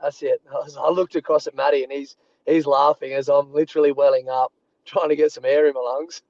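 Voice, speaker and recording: Australian man telling a lively story. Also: a little high, brisk, no echo, dull audio. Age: 30s. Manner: animated anecdotes with laughs. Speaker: guest rugby player. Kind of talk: casual storytelling. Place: parked car.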